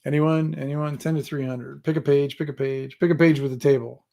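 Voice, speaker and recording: A man hosting a live stream about writing a tabletop adventure, chatting casually at home. His voice is fairly high and gravelly, and he rambles as he thinks aloud and ribs his viewers. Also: steady tone, brisk, warm tone. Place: home room with gear and books behind him.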